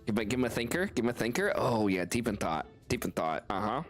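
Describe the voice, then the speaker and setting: A man's voice: lowish voice, very animated, fast, faint music behind. A man streaming a video game, chatting casually and playfully, laughing often and swearing freely. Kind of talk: casual gameplay commentary.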